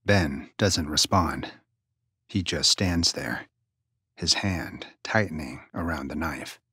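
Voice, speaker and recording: A male narrator reads a suspense story in a hushed, breathy voice that sinks near a whisper. His low tone has a bright, forward edge. The sound is close and dry. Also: slow pace, no echo.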